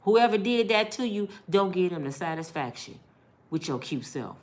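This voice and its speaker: A middle-aged woman vlogger giving heartfelt life advice in an animated, preachy big-sister way. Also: lowish voice, moderate pace.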